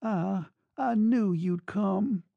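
A man reading a novel aloud and voicing a lovesick young woman who speaks slowly and pleads softly. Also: sits high, vocal fry, dry recording, muffled recording, voice pushed up, full character voice. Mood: pleading. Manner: slow, pleading, soft.

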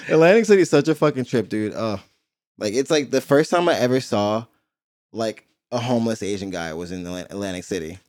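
A man's voice: lowish voice, lively intonation, fairly quick, darkish tone, dry recording, clean studio sound. A man in his thirties from New Jersey, co-hosting a podcast in a slangy, profane, laughing way. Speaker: podcast co-host. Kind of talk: casual chat.

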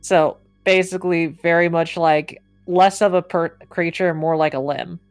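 Low-voiced woman playing a tabletop game. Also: steady tone, a little slow, no room sound, soft background music. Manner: casual, hesitant, many "like"s. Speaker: player. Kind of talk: casual tabletop play.

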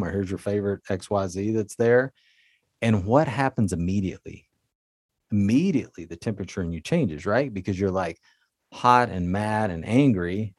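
A man with a very low, deep voice gives relationship advice in a motivational talk. He coaches earnestly and speaks straight to his listeners. The sound is dry and close, with no room echo. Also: a little mellow.

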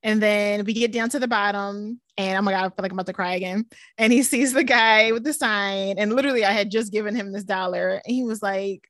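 A woman's voice: medium pitch, a little fast, a bit bright, dry recording, studio quality. A woman, co-hosting a podcast in casual chat and telling stories animatedly with many fillers. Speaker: podcast co-host.

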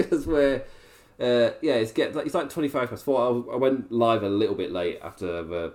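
A man's voice: medium pitch, dark tone. A man giving a rambling, casual live review, laughing often. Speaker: wrestling reviewer, livestream host.

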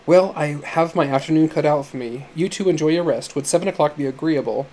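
A man voicing an eager, obsequious male hotel manager in an audiobook story, smooth and accommodating. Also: a little high, a little fast, dark tone, a little hiss or hum, natural voice.

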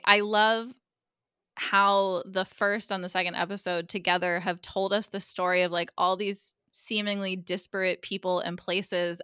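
Woman co-host, casual recap chat, bright tense timbre, lively quoting. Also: medium pitch, clear, resonant tone, no room sound, clean studio sound. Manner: chatty, acts out character lines in quotes. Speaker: guest co-host recapping episodes.

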